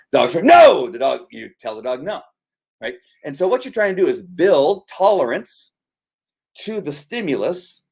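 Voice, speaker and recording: A man's voice: mid-range voice, darkish tone. A middle-aged man, a dog trainer, explaining his training methods in casual conversation, telling stories with frequent restarts.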